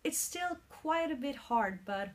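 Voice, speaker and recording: A woman's voice: sits high, lively intonation, a little slow. A woman in her forties from Sweden speaks in a Swedish accent, recorded on a mobile phone. She explains things earnestly in a casual vlog and now and then hunts for the right word. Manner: earnest and explanatory, searching for words at times. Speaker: singer vlogging her vocal training.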